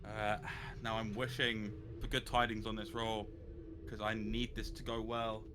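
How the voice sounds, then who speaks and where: A man's voice: on the low side, little pitch movement, a little slow, background noise. A man playing a tabletop game, chatting casually and cracking crude jokes. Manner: crude, joking. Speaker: player.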